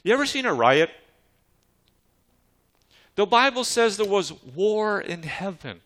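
A man's voice: high voice, very animated, slow, a bit bright. A man preaching a sermon, reading scripture and calling questions out to the congregation. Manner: emphatic preaching with call-and-response questions to the congregation. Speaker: pastor.

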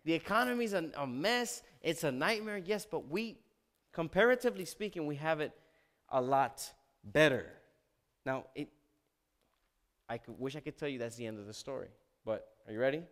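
A male pastor preaching a sermon, animated, asking the congregation questions and acting out the scripture. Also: a little high, normal speed. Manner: animated, asks the congregation questions, dramatizes quotes.

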